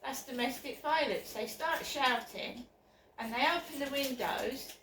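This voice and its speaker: Her high-pitched voice is a little slow, pushed and bright as this vlogger films herself by her flats. She talks in an upset, insistent, repetitive way, recorded from a distance with echo and faint background noise.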